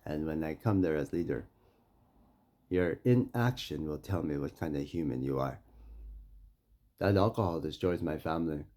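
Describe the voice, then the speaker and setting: A man from Saskatchewan, Canada, speaking directly to a mayor and making demands, with confrontational stories that swing between loud and quiet. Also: extremely low pitch, moderate pace, pauses often. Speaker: First Nation community member addressing a mayor. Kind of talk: impassioned direct address and storytelling.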